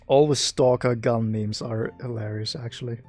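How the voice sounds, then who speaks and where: A man's voice: medium pitch, steady tone, moderate pace, a little mellow, faint music behind. A man hosting a casual live stream chat with a guest, rambling and teasing with lots of filler words.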